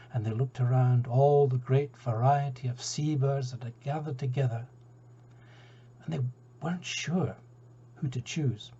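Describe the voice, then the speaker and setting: A man's voice: medium pitch, fairly even intonation, measured pace, warm tone, husky. A Scottish man telling a folk tale aloud in a chatty way, with asides to his listeners. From Scotland. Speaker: storyteller. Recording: dull lo-fi recording.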